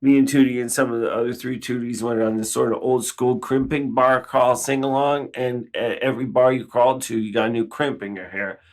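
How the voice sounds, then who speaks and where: Deadpan absurdist male comedian. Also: medium pitch, fairly quick, hardly any pauses. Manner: deadpan with sudden outbursts into silly voices.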